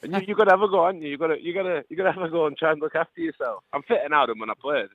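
Over a tinny phone line, a forty-year-old Lancashire man with a matching accent chats as a radio phone guest. His voice is fairly high and very fast with no echo, and his casual talk is jokey and full of restarts.

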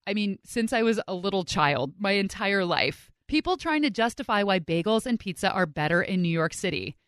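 Woman host, chatty narration, lively pitch, dry close recording. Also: fairly quick, smooth, no echo. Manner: chatty, expressive. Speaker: podcast host. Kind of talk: scripted narration.

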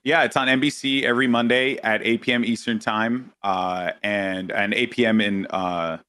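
A man with a New York accent chatting casually as a podcast guest, telling stories and jumping high when he quotes people. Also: moderate pace, no echo. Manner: animated storyteller, jumps high when quoting people. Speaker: guest, esports and TV commentator.

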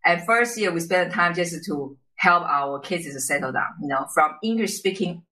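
Bright-voiced woman with a Chinese accent. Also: on the low side, poor audio. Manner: lively, tag questions and quick restarts. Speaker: podcast guest. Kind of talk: conversational storytelling interview.

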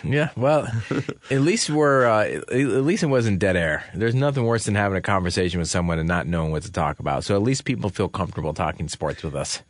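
Low-voiced man bantering on a podcast. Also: expressive, dry recording. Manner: quick banter, short reactions. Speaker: podcast co-host. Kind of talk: casual chat.

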